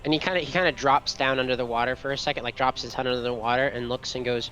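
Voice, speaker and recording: A man's voice: medium pitch, fairly even intonation, very fast, hardly any pauses, bright, forceful tone, soft background music. A man narrating a tabletop game as game master, in a loose, rambling manner full of fillers.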